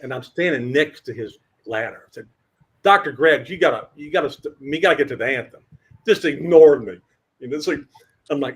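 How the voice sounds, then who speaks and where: An older man telling lively sports anecdotes as a podcast guest, acting out quotes and stammering through restarts. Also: a little high, a little fast, husky. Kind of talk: storytelling in a podcast interview.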